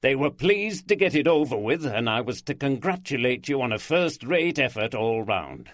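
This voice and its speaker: A man's voice: medium pitch, very animated, moderate pace, no room sound, pitched above the performer's own voice, lightly acted. Hearty teasing Yorkshire police boss, raised voice, dry close sound, a male narrator doing him. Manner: hearty, chuckling.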